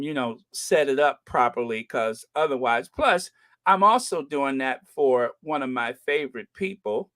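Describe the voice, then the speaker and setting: Casting: middle-aged American male host, slow unhurried delivery, chatty and rambling, fond of joking asides. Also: medium pitch, a bit bright, clear, resonant tone. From United States. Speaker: host of a royal news channel. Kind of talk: casual commentary.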